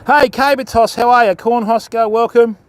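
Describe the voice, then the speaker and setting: A man's voice: extremely high pitch, fairly even intonation, normal speed, no room sound. An Australian man hosting a live fishing stream outdoors, chatting as he rigs his line and greets viewers in chat by name. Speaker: fishing livestream host. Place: outdoors on a beach.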